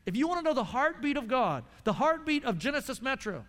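A man's voice: very high-pitched, sing-song, fairly quick, fairly bright tone. A male pastor preaching a conversational sermon to a live audience, repeating words and putting questions to the room. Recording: long hall reverb.

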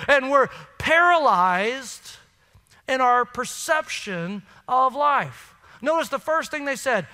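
A man's voice: very high voice, normal speed, pushed and bright, big-room sound. A man preaching a sermon to his congregation, emphatic and conversational, asking the room questions. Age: adult with children. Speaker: pastor. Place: church sanctuary.

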